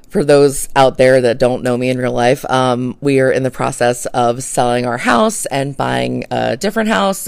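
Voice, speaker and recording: A woman's voice: a bass voice, creaky, dry recording. A woman who works as a realtor tells a funny story on her podcast in a chatty, rambling way, full of fillers and laughter. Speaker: podcast host. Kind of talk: casual storytelling monologue.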